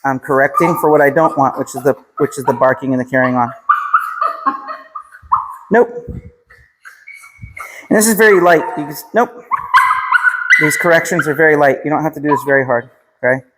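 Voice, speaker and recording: An American man working as a dog trainer, calmly explaining a training session to the dog's owners while giving short commands to the dog. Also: fairly high pitch, a little fast. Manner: calm, instructive, repeats short commands to the dog. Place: training room with a dog present. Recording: reverberant room, faint background noise. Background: dog barking and clicks.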